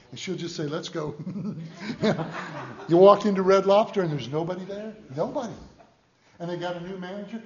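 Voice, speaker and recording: A high-pitched male pastor preaching in a folksy, storytelling way. He swings from loud, emphatic lines to hushed, joking asides. The recording sounds slightly muffled and lo-fi. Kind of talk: sermon.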